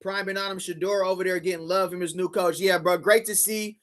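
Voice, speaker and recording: A man's voice: high voice, fairly even intonation, brisk, a bit bright. A man hosting a casual livestream, talking in slang and hyping up his chat. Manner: slangy, hyped, talks straight to chat. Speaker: livestream host. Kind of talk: casual livestream reaction commentary.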